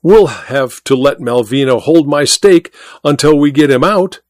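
A man's voice: on the high side, measured pace, darkish tone, no room sound, studio quality, lightly acted. A man voicing a boisterous, wealthy male mining magnate who banters and boasts heartily in a storybook reading. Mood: jovial.

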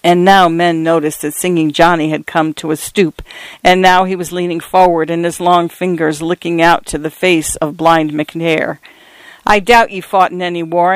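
A man narrating a story in a measured, earnest storytelling manner. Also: fairly high pitch, clear, resonant tone, no echo, rough recording.

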